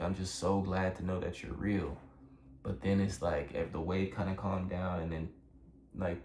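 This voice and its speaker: A man's voice: low voice, a little mellow. A young man telling a personal story in a casual, rambling way, earnest and emotional, full of fillers. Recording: echoey room with faint background noise.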